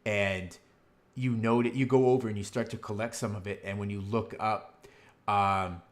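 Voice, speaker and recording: A man narrating as game master over an online call, describing scenes haltingly with many pauses and fillers. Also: lowish voice, steady tone.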